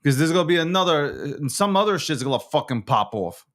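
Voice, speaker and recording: This host of a nightly recap show has a slightly high, sing-song, somewhat bright voice and talks fairly quickly. He's furious, swearing constantly and circling back over the same points in an on-camera rant.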